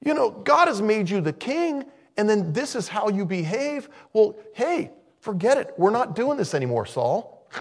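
Male preacher voicing a high-pitched, exasperated elderly prophet, dismissive, with a gravelly edge. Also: very animated, moderate pace, heavily acted. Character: stern old male prophet rebuking a king.

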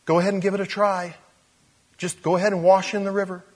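A man voicing a servant who gently coaxes his master. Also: sits high, little pitch movement, fast, pitched above the performer's own voice. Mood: coaxing. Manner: gently coaxing. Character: coaxing male servant urging his master.

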